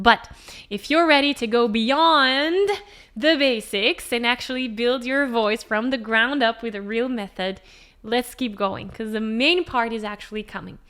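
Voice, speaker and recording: A woman singing teacher explaining vocal anatomy to the camera, emphatic and animated, asking rhetorical questions. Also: on the high side.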